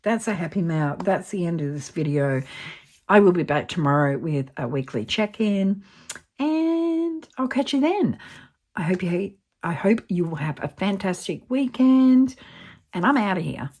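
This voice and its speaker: A woman's voice: fairly low pitch, expressive, moderate pace, darkish tone. A woman with an Australian accent chatting casually in a vlog as she opens mail, gushing and easily moved. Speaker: budgeting channel host. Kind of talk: casual vlog chat while opening mail.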